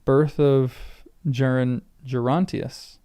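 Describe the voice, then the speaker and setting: A man's voice: mid-range voice, level tone, slow pace, mellow, clean tone. A man reading a book aloud for the first time, stumbling over names and stopping to muse about pronunciation.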